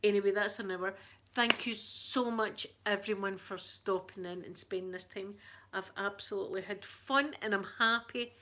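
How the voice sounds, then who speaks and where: A woman's voice: medium pitch, fairly even intonation, moderate pace, a little hiss or hum. Scottish lady, thick accent, middle-aged, chatty and giggly, talking to her stream. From Scotland. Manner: chatty, laughs often, soft-spoken. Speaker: livestream host. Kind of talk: casual chat with live viewers.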